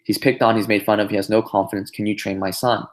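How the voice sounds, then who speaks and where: A man's voice: lowish voice, level tone, fast, natural voice. A man voicing a frustrated father in a story, upset and pleading. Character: frustrated father of a one-armed boy.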